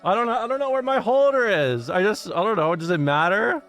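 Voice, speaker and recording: A woman's voice: medium pitch, lively intonation, fairly quick, soft background music. A woman streamer in casual livestream chat from a home setup, rambling, swearing and interrupting herself with frequent laughs.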